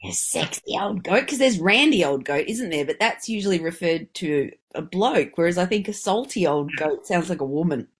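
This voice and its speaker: Giggly woman cohost, husky voice, bouncy pitch, reading out funny sayings. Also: lively intonation, moderate pace, few pauses. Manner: giggly, reads out sayings with playful emphasis. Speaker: podcast co-host. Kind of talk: casual chat.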